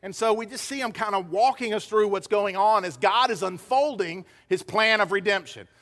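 A man's voice: high-pitched, normal speed, fairly bright tone. A man preaching a sermon as pastor, emphatic and acting out the quoted dialogue. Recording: hall reverb.

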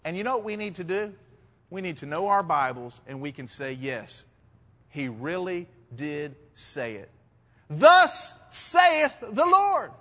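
A man's voice: on the high side, expressive, moderate pace, fairly bright tone. A man preaching an expository sermon as pastor, reading verses and rising to emphatic points. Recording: long hall reverb.

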